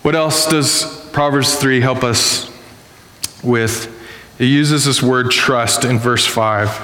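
Animated male pastor in an echoey hall. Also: mid-range voice, slow. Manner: animated storytelling, acting out voices. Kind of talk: sermon. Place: church hall. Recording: echoey hall with long reverb.

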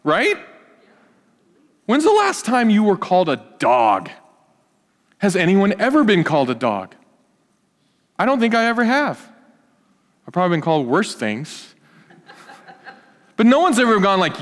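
A male pastor with a fairly high voice preaches in a chatty, lively way, tossing questions at his listeners. His voice rings with a long hall reverb. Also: unhurried, long pauses. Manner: lively, asks the audience questions, acts out quotes. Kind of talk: conversational sermon.

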